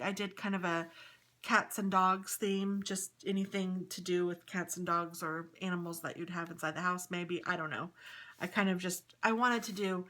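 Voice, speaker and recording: A woman's voice: on the low side, sharp tone. A woman casually chatting through a flip-through of her craft planner, upbeat and rambling. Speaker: crafting vlogger.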